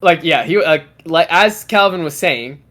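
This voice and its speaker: Bright-voiced young man ranting casually. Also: fairly high pitch, lively intonation, a little slow. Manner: swears constantly, ranting storyteller. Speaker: podcast co-host. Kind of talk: casual chat.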